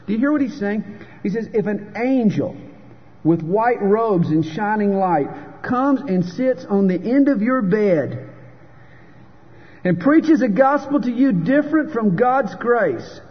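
A man preaching a sermon as pastor, emphatic and dramatic, with pauses for effect. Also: high voice, animated, breathy edge. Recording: dull sound with long hall reverb.

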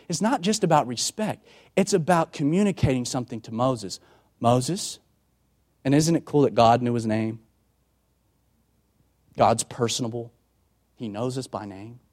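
A man preaching a sermon as a pastor, moving from loud emphatic passages to quiet, hushed ones and acting out voices in quoted dialogue. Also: animated, measured pace, long pauses. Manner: dramatic, sweeping from loud emphatic highs to hushed tones.

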